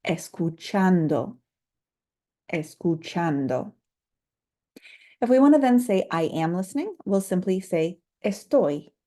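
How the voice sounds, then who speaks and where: A woman teaching a short Spanish lesson for school staff, explaining clearly and patiently and slowing down to model words. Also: mid-range voice, animated, dark tone. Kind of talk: instructional video lesson.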